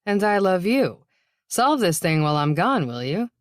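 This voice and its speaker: A woman's voice: on the low side, very animated, moderate pace, dry recording, studio quality. A woman voicing a blunt, wisecracking woman police detective in her forties, tired and joking, in an audiobook. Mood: weary.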